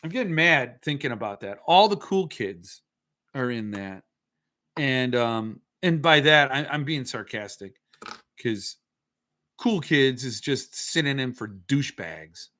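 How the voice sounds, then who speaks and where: Bright-voiced rambling male streamer. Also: mid-range voice, expressive, unhurried. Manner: rambling, swearing, self-correcting. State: tipsy. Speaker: livestream host. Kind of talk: casual livestream chat reading viewer comments.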